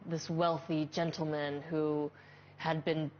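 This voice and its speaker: Low-pitched woman host. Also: flat delivery, slow pace, darkish tone, muffled recording, a little hiss or hum. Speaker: interview host. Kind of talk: casual interview chat.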